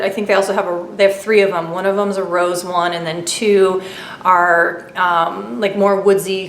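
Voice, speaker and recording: A woman chatting through a casual product review vlog at home, talking quickly with many fillers and asides. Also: mid-range voice, a bit bright, roomy sound, slight background noise. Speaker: beauty vlogger.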